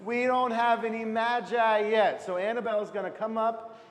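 High-voiced man leading a nativity play. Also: steady tone, moderate pace. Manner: upbeat, coaxing children with stage cues. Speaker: leader of a children's nativity play. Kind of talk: guiding a church Christmas pageant. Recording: long hall reverb.

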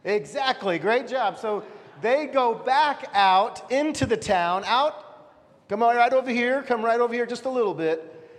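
A man's voice: extremely high pitch, lively intonation, unhurried. A man leading a children's Christmas nativity in a church, upbeat and coaxing the kids with stage cues. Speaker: leader of a children's nativity play. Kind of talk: guiding a church Christmas pageant. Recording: long hall reverb.

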